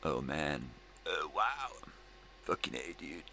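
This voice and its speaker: Older male host, hungover, rambling chat; very low, gravelly voice with lively swings, faint hiss behind. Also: takes it slowly. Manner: rambling, laid-back, laughs often. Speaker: livestream host. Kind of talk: casual chat to viewers.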